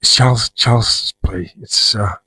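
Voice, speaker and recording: This vlogger's voice is on the low side, bright and forceful, with a husky edge, and he takes his time. Talking to camera with no room sound in a low-quality recording, he rambles profanely about his life, often restarting.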